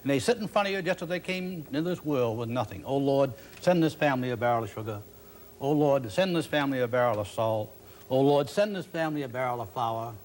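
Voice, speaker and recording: A storyteller with a Maine accent putting on a small-town Baptist minister intoning a solemn prayer. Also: male voice, medium pitch, expressive, quick pace, a little mellow, a little hiss or hum, close to an everyday voice. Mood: solemn pleading.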